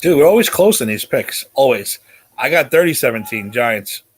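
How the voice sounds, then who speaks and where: A man's voice: medium pitch, lively intonation, normal speed. Emphatic man on a sports podcast. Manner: emphatic, confident predictions. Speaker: podcast co-host. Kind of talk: casual sports chat.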